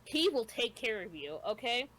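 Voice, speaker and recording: A woman voicing a friendly, easygoing fish-person man from a cartoon as she retells it, giving advice in a relaxed way. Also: a little high, normal speed. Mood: advising.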